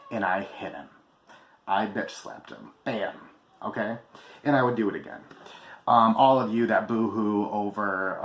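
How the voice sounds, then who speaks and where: A man's voice: lowish voice, a bit bright. A man telling a personal story to camera in a vlog, candid and emphatic, swearing freely. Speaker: vlogger. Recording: echoey room with faint ambience.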